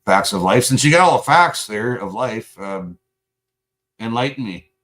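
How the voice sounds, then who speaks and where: A man's voice: mid-range voice, expressive, unhurried, fairly bright tone. A man hosting a live stream, angrily and profanely confronting a chat commenter, sarcastic and combative. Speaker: livestream host.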